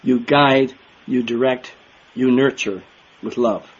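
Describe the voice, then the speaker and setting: An older man delivers a sermon with earnest emphasis, repeating his key words to drive them home. His voice is a little husky, and the recording sounds dull and muffled. He talks straight to the congregation in a plain, practical way. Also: mid-range voice, steady tone, slow. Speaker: minister.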